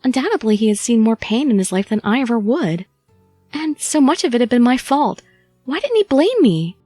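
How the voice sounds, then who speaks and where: A woman's voice: fairly high pitch, very animated, moderate pace, warm tone, no room sound, soft background music. A woman reading a first-person audiobook story expressively, as the channel host. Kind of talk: audiobook narration and chatty outro.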